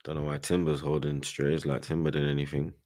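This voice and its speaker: A man trading brash, loud street-slang banter on a football podcast. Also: very deep voice, level tone, quick pace. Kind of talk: casual chat.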